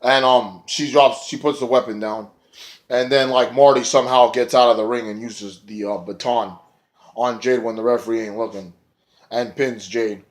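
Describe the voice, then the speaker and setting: A man rambling through a casual wrestling recap in a vlog, excitable and often swearing. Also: mid-range voice, moderate pace. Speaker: wrestling reviewer.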